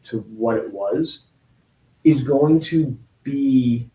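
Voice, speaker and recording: A man in his forties telling a painful personal story in an interview, halting and restarting often. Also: mid-range voice, warm tone. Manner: halting, with many restarts and pauses. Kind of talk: emotional personal account in an interview. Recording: roomy echo.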